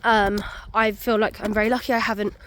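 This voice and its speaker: A woman vlogger talking casually to the camera in a relaxed, chatty way with frequent ums. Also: medium pitch, fairly quick, slight background noise.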